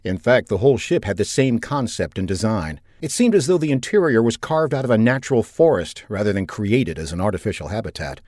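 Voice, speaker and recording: A man narrating a science fiction audiobook in a steady, even storytelling manner on a close mic. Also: lowish voice, brisk, hardly any pauses, dry recording. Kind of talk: scripted narration.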